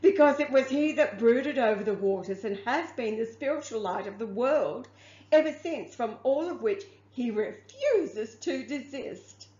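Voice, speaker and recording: Higher-voiced woman reading aloud in an echoey room. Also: lively intonation, measured pace, mellow, lo-fi sound. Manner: reads formally, breaks off laughing into chatty asides. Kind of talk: reading aloud a religious text with commentary.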